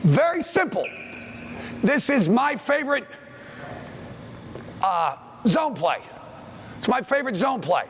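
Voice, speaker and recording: Brief: male clinic coach, lively up-and-down delivery, snaps quick commands on court, faint noise behind. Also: very high-pitched. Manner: brisk commands, calls out plays. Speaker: basketball coach leading a clinic. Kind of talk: on-court coaching drill instruction. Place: school gym.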